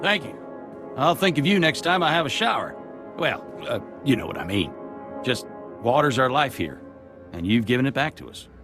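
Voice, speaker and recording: A man's voice: mid-range voice, very animated, normal speed, music in the background. A man voicing a folksy, grateful settler in a game cutscene. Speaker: settler on a desert world.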